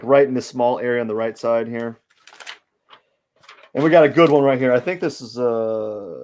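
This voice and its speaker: A man's voice: medium pitch, darkish tone. A man hosting a live drawing stream, giving casual commentary as he works and thinking aloud in a rambling way, with lots of fillers.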